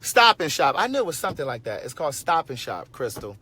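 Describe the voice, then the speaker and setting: A man in his forties tells a story to his viewers on a casual livestream. His voice is fairly high and very bright. He talks in an animated, sassy way and keeps turning aside to speak to his audience. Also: fast talker, slightly rough. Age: 40s. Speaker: host telling a story to viewers.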